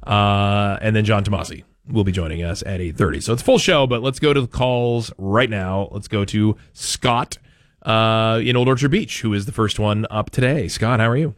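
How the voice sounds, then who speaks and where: With a low-leaning voice captured on a studio microphone, clean and free of room sound, a man from Maine hosts talk radio. He rambles chattily and jokes quickly.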